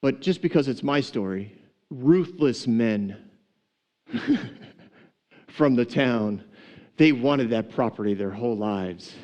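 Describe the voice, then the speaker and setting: A man's voice: medium pitch, lively intonation, takes it slowly, long pauses, a little mellow. A pastor preaching a sermon to his church, retelling a parable with humor, laughing often and acting out the characters. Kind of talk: sermon storytelling.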